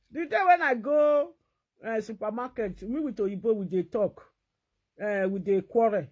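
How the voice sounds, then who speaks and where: A woman with a Nigerian Pidgin accent, talking in an animated, laughing vlog commentary. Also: fairly high pitch, unhurried, pauses often. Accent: Nigerian Pidgin English. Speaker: vlogger.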